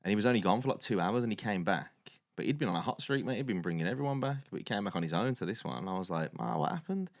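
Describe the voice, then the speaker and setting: A young man, co-hosting a podcast, telling a story casually and animatedly, swearing and loudly acting out quotes. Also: lowish voice, lively intonation, rapid-fire, few pauses, no echo, studio quality. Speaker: podcast co-host.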